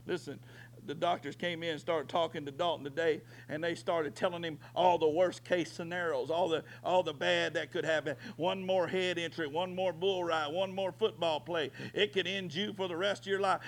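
A middle-aged man preaching a fervent sermon, swinging from quiet stretches to shouting. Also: fairly high pitch, fairly even intonation, normal speed. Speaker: pastor.

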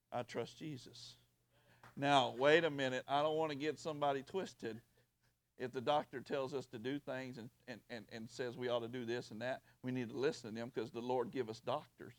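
A middle-aged pastor, preaching a sermon in church and swinging from loud to quiet. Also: male voice, mid-range voice, no echo. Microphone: handheld or stand mic with sound operator.

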